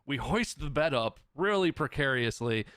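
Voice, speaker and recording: A man's voice: mid-range voice, lively intonation, moderate pace, fairly bright tone, no echo, clean studio sound. A man telling a funny story casually, building up to a punchline with bursts of laughter.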